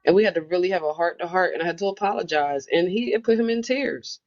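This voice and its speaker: A woman's voice: lowish voice, fast, darkish tone. A woman in a casual book club conversation, telling a personal story in a reflective, storytelling manner. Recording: muffled lo-fi audio.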